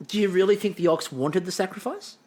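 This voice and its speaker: A man's voice: high voice, a little fast, a little mellow. A man co-hosting a podcast in casual chat, wry and self-deprecating, rambling between topics. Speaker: podcast co-host.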